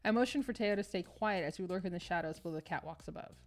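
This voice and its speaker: A woman's voice: on the low side, fast talker, soft background music. A woman streamer playing a story game live, reading the text aloud and reacting with gasps and laughter.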